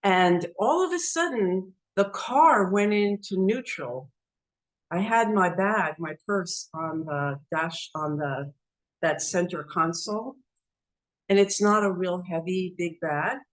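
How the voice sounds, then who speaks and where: A woman telling a personal story in a casual, halting way, repeating herself and playing down her own words. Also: fairly low pitch, lively intonation, poor audio. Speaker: devotee sharing a story.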